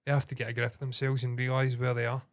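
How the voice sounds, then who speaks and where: A man's voice: mid-range voice, little pitch movement, racing, creaky. A Scottish man co-hosting a podcast, telling stories with lots of swearing and mocking impressions. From Scotland. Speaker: podcast co-host. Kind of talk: casual chat.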